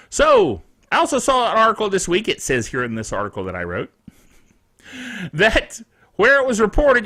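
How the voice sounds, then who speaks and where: A man hosting a casual tech news show, reading the week's stories with jokey asides and chuckling at himself. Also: a little high. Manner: animated, jokey, chuckles at his own asides.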